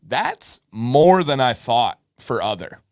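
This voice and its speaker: A man's voice: mid-range voice, very animated, slow pace, dry recording, studio quality. Joking live-stream co-host, a man. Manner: joking, playfully argumentative. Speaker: podcast co-host. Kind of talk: casual live-stream chat.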